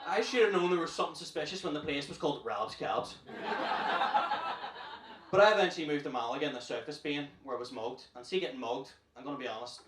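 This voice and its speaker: A man's voice: medium pitch, echoey room. Young Northern Irish male comic, brash and profane, heard off a distant mic in a noisy room. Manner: brash, profane, rapid storytelling. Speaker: stand-up comedian. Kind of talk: stand-up comedy set. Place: comedy club stage.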